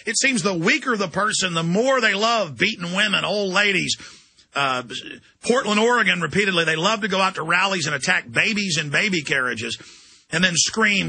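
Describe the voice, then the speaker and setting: A man hosting a call-in radio show, ranting forcefully at his callers from a studio microphone. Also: high voice, animated, brisk, slightly rough, no echo. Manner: forceful, ranting, mocks others in put-on voices. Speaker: radio talk show host.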